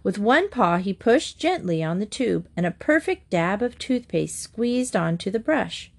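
A woman narrating a children's book aloud in a gentle, even storytelling manner. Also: mid-range voice, measured pace, vocal fry.

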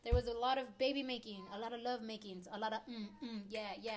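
A woman's voice: a little high, steady tone, fast talker, background noise. A woman in her twenties ranting to her viewers in a rambling, heated, heavily profane way. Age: 20s. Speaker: vlogger. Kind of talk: ranting opinion vlog.

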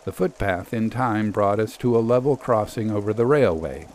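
A man narrating a literary story in the first person, measured and storytelling. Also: lowish voice, darkish tone, a little hiss or hum. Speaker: reader.

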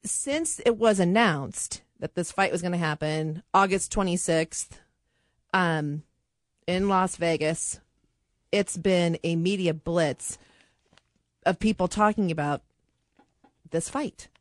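Low-voiced woman sports radio co-host. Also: slow pace, pauses often, no room sound, studio quality. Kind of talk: casual sports talk. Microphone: studio microphone.

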